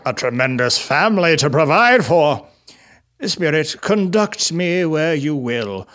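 A man's voice: a little high, very animated, unhurried, a bit bright. Old grump turned humble, man reading him, earnest, voice going up and down.

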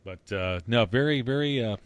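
A man's voice: mid-range voice, moderate pace, no room sound. A middle-aged man hosting a radio show, chatting casually and telling stories with frequent laughter. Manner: chatty, storytelling, laughs often. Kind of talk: casual banter on air.

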